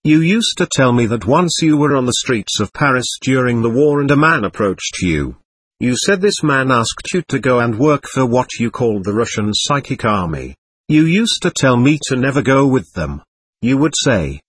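A man in his twenties telling his own story in earnest, measured first-person narration. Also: mid-range voice, very animated, husky, dry recording. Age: 20s.

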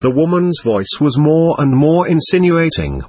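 A man narrating a classic novel as an audiobook in a measured storytelling manner. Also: a little high, expressive, warm tone. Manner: measured storytelling, shifting into character voices.

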